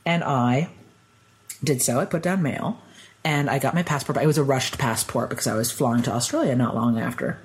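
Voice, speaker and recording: A man guest on a podcast, telling personal stories in a rambling, animated way full of "like". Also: mid-range voice, a little fast, rough recording. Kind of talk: conversational storytelling.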